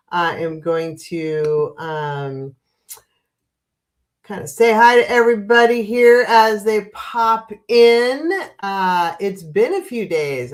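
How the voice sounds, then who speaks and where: Slow-talking congested woman in her fifties. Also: medium pitch. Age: 50s. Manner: chatty, laughs often, greets viewers by name. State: stuffy, congested nose. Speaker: livestream host. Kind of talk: casual live-stream chat.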